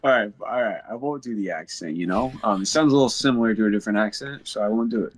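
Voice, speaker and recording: A man's voice: on the low side, quick pace, no echo. Playful, joking man on a dry headset. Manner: playful, joking, hesitant with restarts. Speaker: streamer. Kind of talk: casual in-character banter.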